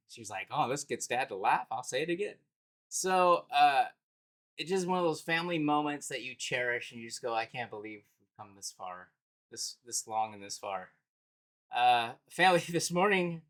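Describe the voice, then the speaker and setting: A man's voice: mid-range voice, sharp tone. A man in his thirties telling personal stories in a casual, reflective way, with bursts of laughter. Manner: conversational and reflective, breaks into laughter. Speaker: speaker sharing life stories.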